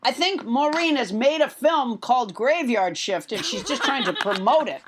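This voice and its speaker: Give me a high, lively woman hosting a comedy podcast. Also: noisy background. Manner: rambling, giggly, halting restarts. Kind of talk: comedic banter.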